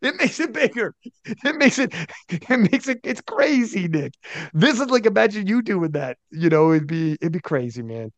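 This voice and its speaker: A man hosting a podcast in casual, animated chat, slangy and fond of mimicking the people he talks about. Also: high voice, normal speed, no echo. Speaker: podcast host.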